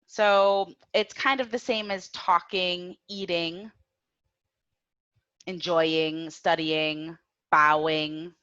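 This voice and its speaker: English teacher lady, slow and clear, bright voice, bit of a dull lo-fi sound. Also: lowish voice, fairly even intonation. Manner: slow, clear, drills learners with repetition. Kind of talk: grammar lesson.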